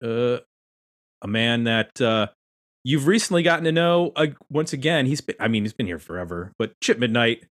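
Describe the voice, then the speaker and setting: A man's voice: mid-range voice, lively intonation, moderate pace, fairly bright tone. A man hosting a casual podcast roundtable, chatty and self-deprecating as he introduces guests. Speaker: podcast host.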